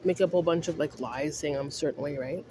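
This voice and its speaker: This Canadian woman, Jamaican undertones in her accent, talks fast in a low voice against a noisy background. She rants loosely to camera between bites of chips, rambling, leaning on fillers and saying "I'm just saying" again and again.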